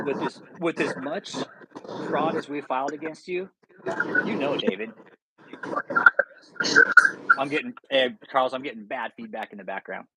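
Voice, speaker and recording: A man joining a live stream as a guest, talking in a blunt, profane way. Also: medium pitch. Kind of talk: casual live-stream chat. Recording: loud noise, feedback on a call.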